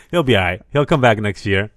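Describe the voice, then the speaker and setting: Laid-back low-voiced man podcast co-host. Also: expressive, moderate pace, a bit bright, no echo, clean studio sound. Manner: laid-back, laughs often, swears casually. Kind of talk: casual chat.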